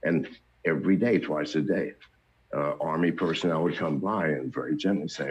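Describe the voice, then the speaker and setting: Older man, very low gravelly-husky voice, blunt and profane, muffled lo-fi sound. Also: normal speed. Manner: blunt, profane, chuckling between anecdotes. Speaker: guest telling his story. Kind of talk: casual storytelling. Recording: dull lo-fi recording.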